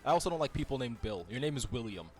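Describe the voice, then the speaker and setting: Animated young-sounding male streamer. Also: mid-range voice, fast talker. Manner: animated, laughs often, jokey chatter with viewers. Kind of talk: casual gaming stream chat.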